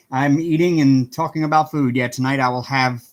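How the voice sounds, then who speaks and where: A man's voice: mid-range voice, steady tone, moderate pace. A middle-aged man hosting a casual craft livestream from home, chatting with viewers, greeting them by name and laughing often. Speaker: livestream host.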